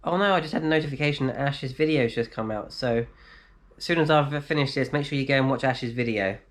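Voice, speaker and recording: Casual male streamer, mid-pitched, easygoing, reads and replies to chat. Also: fast. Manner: chatty, reads out comments and replies, laughs easily. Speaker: vlogger answering live chat. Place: indoors in a flat.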